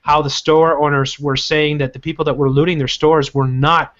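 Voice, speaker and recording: Male podcast host with a slightly high voice, emphatic and profane, on a muffled lo-fi recording. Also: little pitch movement, normal speed, fairly bright tone. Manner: emphatic, swears, many fillers. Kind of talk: casual chat.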